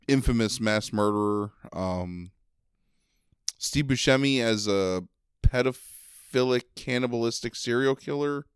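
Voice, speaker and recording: A man with a lowish, smooth, slightly nasal voice rambles sarcastically through a movie review, dropping plenty of ums and likes. He's a podcast co-host chatting casually, recorded in studio quality with no echo.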